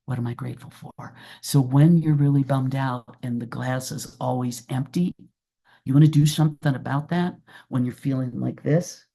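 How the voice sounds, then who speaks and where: A woman's voice: extremely low pitch, gravelly, dark tone, slightly rough. A woman giving an earnest, reflective talk as a guest presenter, repeating her key phrases for emphasis. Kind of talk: webinar talk and Q&A.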